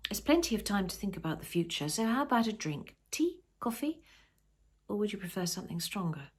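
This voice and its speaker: A woman reading as a gentle, reassuring husband. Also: medium pitch, sing-song, brisk, breathy edge, voice pushed up. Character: kind, steady husband, middle-aged man.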